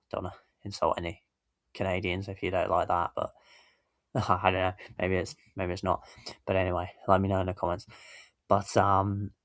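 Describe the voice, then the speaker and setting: A man's voice: low-pitched, a bit bright, dry recording, studio quality. A man hosting a casual reaction video, rambling and correcting himself with little chuckles. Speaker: YouTube reaction host.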